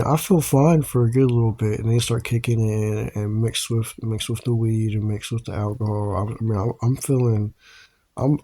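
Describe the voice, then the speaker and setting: A man's voice: on the low side, mellow, rough recording. A young man casually telling a personal story to camera, slangy and profane, in a laid-back way. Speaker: storytime vlogger.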